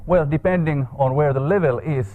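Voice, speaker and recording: A man's voice: fairly high pitch, brisk, phone-quality sound. A man giving an academic seminar talk in a seminar room, explaining with frequent fillers and restarts. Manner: hesitant, thinking aloud with fillers. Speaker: seminar speaker. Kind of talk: academic lecture.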